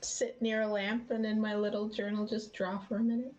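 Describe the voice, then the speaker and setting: A woman's voice: mid-range voice, little pitch movement, brisk, darkish tone, muffled recording. A woman player at a tabletop game, giggly and playful. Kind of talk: casual play session chat.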